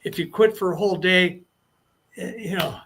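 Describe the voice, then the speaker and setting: A man's voice: sits high, normal speed, fairly bright tone. An older man telling long anecdotes as an interview guest, rambling and restarting his sentences. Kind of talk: casual storytelling interview.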